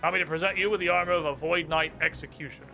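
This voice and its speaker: A stern, judging knight leader, read out by a man in a quick, flat delivery. The voice sits a little lower than his own, bright and forward, with faint game music underneath. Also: creaky, heavily acted. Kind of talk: reading game dialogue aloud.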